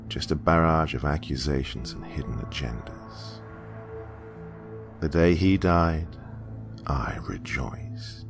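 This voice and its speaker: Man, very deep and gravelly, coldly narrating a first-person horror tale, clear music underneath. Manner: cold, measured and bitter. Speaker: storyteller.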